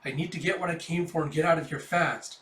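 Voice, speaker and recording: A man's voice: on the high side, quick pace, fairly bright tone, natural voice. A man voicing a fretful, earnest young mother talking herself through her worries, with an echoey room and the mic at a distance. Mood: worried. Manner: fretful inner monologue. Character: anxious, earnest young mother, secretly a fighter.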